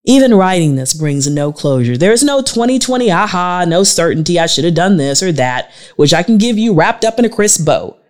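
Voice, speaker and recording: A Southern woman in her forties narrates her memoir as an audiobook, with a Southern American accent. Her voice sits fairly low, and her reading is emotional and confessional. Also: expressive, moderate pace, few pauses, darkish tone. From Southern United States. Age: 40s.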